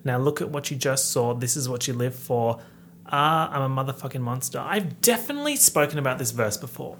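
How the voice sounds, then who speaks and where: Excitable man breaking down rap lyrics. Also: mid-range voice, fairly quick, a little hiss or hum. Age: late 20s. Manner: excitable, with sudden outbursts and whispered asides. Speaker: host. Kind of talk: casual lyric breakdown commentary.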